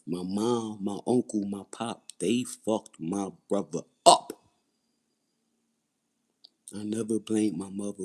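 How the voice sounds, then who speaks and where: A Philadelphia man hosts a livestream, giving raw personal testimony in a husky, low, somewhat dark voice. He's intense and repetitive, and he talks bluntly with plenty of profanity.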